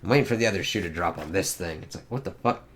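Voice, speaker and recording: A man's voice: low-pitched, rapid-fire, a bit bright. A man casually reviewing a comic book, rambling and swearing, often restarting words. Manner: rambling, profane, with frequent restarts.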